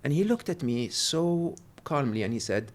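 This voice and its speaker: A middle-aged man telling stories as a podcast guest, animated and often laughing, sometimes halting with fillers. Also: medium pitch. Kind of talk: podcast interview.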